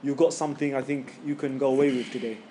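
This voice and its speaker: Coaching a live tajweed class, a middle-aged Quran recitation teacher works casually with students and demonstrates sounds himself. He talks fast in a steady, mid-range voice against background noise.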